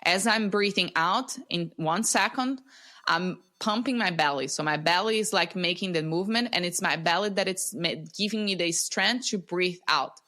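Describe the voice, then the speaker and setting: A woman who teaches breathwork, a podcast guest explaining simple techniques in a calm, instructive way over a video call. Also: lowish voice, moderate pace.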